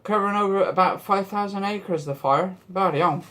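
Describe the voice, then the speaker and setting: A man's voice: sits high, fairly quick, sharp tone, slight background noise. A man hosting a casual news commentary vlog, rambling and joking as he talks and swearing now and then. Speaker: vlog host.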